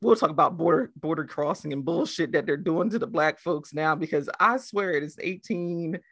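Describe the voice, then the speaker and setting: A woman co-hosting a podcast in casual chat, profane, animated and teasing. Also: low voice, moderate pace, no room sound, studio quality. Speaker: podcast co-host.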